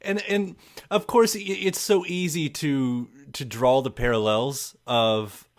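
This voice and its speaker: A man's voice: mid-range voice, fairly even intonation, takes it slowly, no room sound, studio quality. A man hosting a casual interview and drawing his guest out about her music. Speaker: interviewer host.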